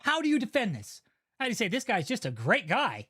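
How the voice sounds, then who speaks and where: A man's voice: high voice, wildly swooping pitch, brisk, sharp tone, breathy edge. A man hosting a livestream, reacting to court papers in an angry, profane rant. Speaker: channel host.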